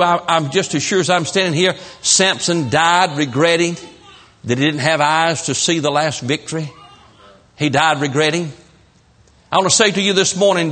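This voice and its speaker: A man's voice: on the high side, a bit bright. A man preaching a sermon, telling stories with emphatic repetition. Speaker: pastor.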